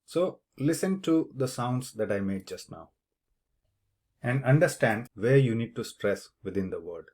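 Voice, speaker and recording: A man explains an English speaking test in an unhurried, measured way, like a lesson. His voice sits at an ordinary middle pitch. He stops to say example words aloud, showing which syllable takes the stress. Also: lively intonation, a little mellow. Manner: slow, deliberate, demonstrates word stress aloud. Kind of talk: instructional explanation.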